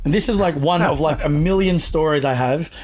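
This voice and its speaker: A man's voice: on the high side, a little fast, a little mellow. A young Australian man in his twenties, a podcast guest telling casual, self-mocking anecdotes with the odd swear word. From Melbourne, Australia.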